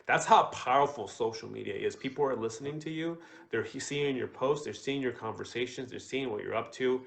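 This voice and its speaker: A man with a voice of ordinary pitch co-hosts a casual business talk. He rambles, restarting his sentences as he goes. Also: a little fast, vocal fry. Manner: rambling, many fillers and restarts. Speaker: co-host.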